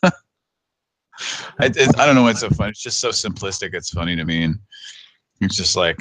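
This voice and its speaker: A man's voice: lowish voice, animated, moderate pace, pauses often, a bit bright, no room sound. A man hosting a radio show, chatting casually, laughing and swearing as he rambles. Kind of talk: casual chat.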